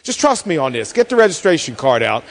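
Animated preacher in a big echoing hall. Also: male voice, a little high, fast. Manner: storytelling, animated, acts out quoted voices. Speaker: pastor. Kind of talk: sermon.

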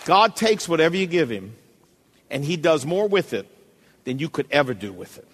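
A man's voice: a little high, sing-song, moderate pace, a bit bright, husky, big-room sound. A male pastor preaching a sermon, emphatic and calling out to the congregation, at times reading a poem aloud with drama.

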